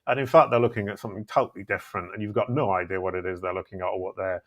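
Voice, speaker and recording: A middle-aged man chatting as a guest, telling stories in a relaxed, self-deprecating way. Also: low-pitched, rapid-fire. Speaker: podcast guest. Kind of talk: casual conversation.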